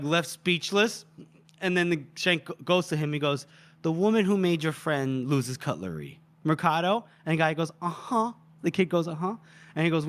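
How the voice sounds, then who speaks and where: A man's voice: fairly high pitch, fairly bright tone. A man co-hosting a book podcast, retelling scenes in casual chat and acting out the characters' lines. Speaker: podcast co-host.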